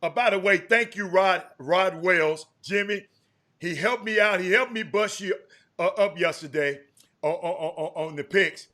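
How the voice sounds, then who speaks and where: Man, talk show co-host, high voice, bright sharp tone, teasing. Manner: teasing, quick interjections. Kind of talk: casual sports talk.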